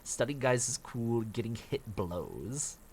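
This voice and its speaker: Gravelly, grumbling gamer man. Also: mid-range voice, sing-song, slow pace, a little mellow, a little hiss or hum. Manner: grumbling, profane, self-mocking. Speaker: streamer playing a survival game. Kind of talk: casual gameplay commentary.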